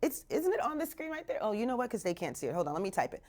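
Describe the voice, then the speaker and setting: A woman's voice: fairly high pitch, sing-song, racing, darkish tone. A woman from Canada hosting a live radio show, talking casually and animatedly, slipping in Jamaican patois phrases, from a radio studio.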